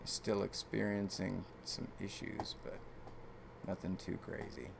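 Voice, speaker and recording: Laid-back man with a low, gravelly voice. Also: unhurried, a little hiss or hum. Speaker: live stream host. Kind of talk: casual banter on a live stream.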